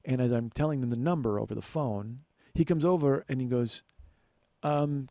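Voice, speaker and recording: A man in his forties spins a comic story into a close, dry microphone, swearing freely and tossing in jokes at his own expense. His voice sits at an ordinary middle pitch for a man. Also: quick pace, no echo. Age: 40s. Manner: animated, profane, self-deprecating asides. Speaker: podcast host. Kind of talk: comedic storytelling monologue.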